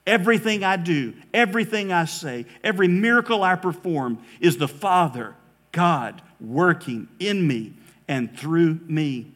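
A man preaching a sermon as a pastor, earnest, slowing down to stress key words and rising sharply when quoting scripture. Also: on the high side, lively intonation, fairly bright tone. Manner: earnest preaching, slows for emphasis, rises dramatically on quotes.

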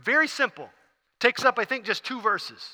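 A man preaches, his voice pitched high and pushed hard with a sharp, forceful edge. He tells the story in an animated way and acts out each scene. The sound rings with the long reverb of a large church hall. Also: moderate pace. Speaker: pastor. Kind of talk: sermon.

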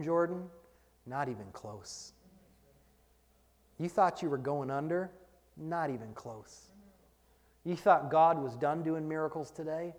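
A man preaching a sermon as pastor, moving between hushed whispers and loud shouted refrains. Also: fairly high pitch. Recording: long hall reverb.

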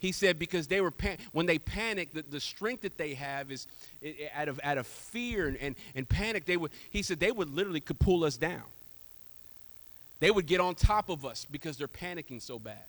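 A man preaching a sermon in an animated way, swinging from loud to soft. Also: fairly high pitch, fairly quick. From Houston, Texas. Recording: long echo of a large hall.

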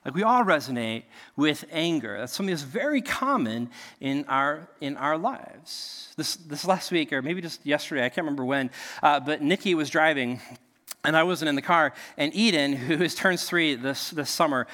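A man in his thirties delivers a sermon with a bright, forceful voice that rises and falls a great deal. He talks in a conversational way and keeps asking his listeners "right?". A long reverb trails behind him, as in a large hall. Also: a little high, normal speed. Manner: conversational and animated, frequent "right?" asides. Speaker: pastor.

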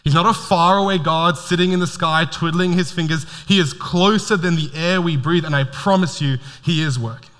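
Aussie pastor guy preaching, kinda high and bright, stutters on sentence starts, big echoey church hall. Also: normal speed, few pauses. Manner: earnest, repeats words when starting sentences. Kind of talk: sermon. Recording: long hall reverb.

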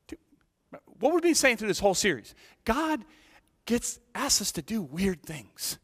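A male pastor tells a story from the pulpit in an animated way, often tossing in "right?". His voice sits fairly high for a man, and a church sanctuary's long reverb trails after him. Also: moderate pace. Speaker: associate pastor. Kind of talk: sermon.

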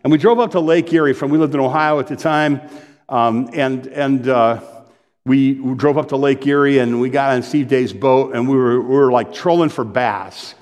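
A middle-aged man and pastor preaching a conversational sermon, telling stories in an animated way and often interrupting himself. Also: medium pitch, moderate pace, in a large hall. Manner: animated storytelling, self-interrupting.

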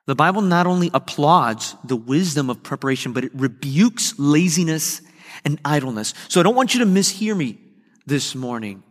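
A man preaching a sermon earnestly, slowing down and stretching key phrases for emphasis. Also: on the high side, animated. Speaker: pastor. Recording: long hall reverb.

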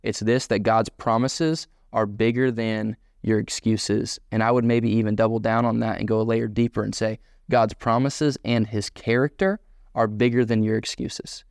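A man's voice: lowish voice, little pitch movement, normal speed, creaky, no echo, studio quality. A man preaching a sermon as pastor, emphatic and repetitive, pressing his points home again and again.

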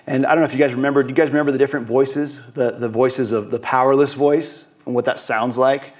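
A man's voice: medium pitch, fairly even intonation, fast. A man giving a sermon as a guest preacher, earnest, often repeating and restarting words, now and then acting out short quoted voices. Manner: acts out quoted voices briefly.

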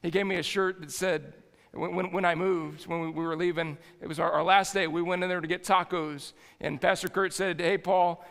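A man's voice: high voice, fairly even intonation, fairly quick, vocal fry, hardly any pauses, a bit bright. A man preaching a sermon as pastor in a church sanctuary, folksy and jokey, often restarting his sentences. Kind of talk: conversational sermon. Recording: long hall reverb.

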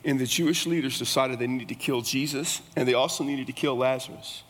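A man's voice: medium pitch, brisk, a bit bright. A man preaching a sermon in a folksy, conversational way. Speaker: pastor. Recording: long reverb of a large hall.

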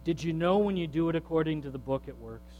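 A male pastor preaching a sermon in a lively, animated way, acting out what people say and putting questions to the congregation. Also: a little high, quick pace, big-room sound, muffled recording, slight background noise. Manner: animated, acts out quoted voices, asks the congregation questions.

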